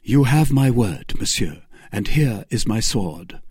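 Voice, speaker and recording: A man's voice: medium pitch, expressive, unhurried, a little mellow, slightly rough, dry recording, studio quality. A man reading aloud, voicing a fiery, impetuous young male swordsman. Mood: defiant. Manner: impetuous, challenging.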